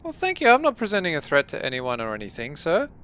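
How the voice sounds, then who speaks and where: A man's voice: fairly high pitch, wildly swooping pitch, fast, bright, forceful tone, clean tone. Playful mock-polite man. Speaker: player. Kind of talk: in-character tabletop play.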